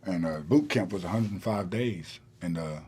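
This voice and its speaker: A man's voice: low-pitched, moderate pace, a little mellow, breathy edge. A man, a podcast guest telling a long story in a rambling way with many fillers and restarts. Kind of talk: casual storytelling in an interview.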